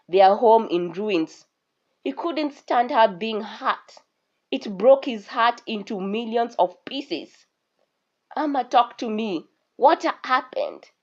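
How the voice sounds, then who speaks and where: A woman storyteller giving an expressive, scripted narration of a folk tale. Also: mid-range voice. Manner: expressive reading. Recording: dull lo-fi recording.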